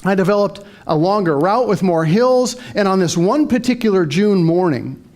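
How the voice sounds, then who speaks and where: A man's voice: sits high, lively intonation, moderate pace, darkish tone. A middle-aged man giving a motivational talk to a live audience, telling a story and acting out his own inner dialogue. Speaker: motivational speaker.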